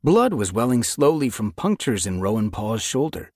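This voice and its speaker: Husky, animated male narrator. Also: fairly low pitch, moderate pace, few pauses, no echo, studio quality. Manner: expressive storytelling. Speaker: audiobook narrator. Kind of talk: scripted narration.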